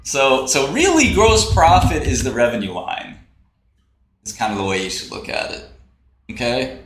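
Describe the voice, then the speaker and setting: A man's voice: medium pitch, expressive, moderate pace, fairly bright tone, a little hiss or hum. Brash, mocking man on a livestream. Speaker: livestream host. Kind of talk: casual livestream rant. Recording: roomy echo, faint typing.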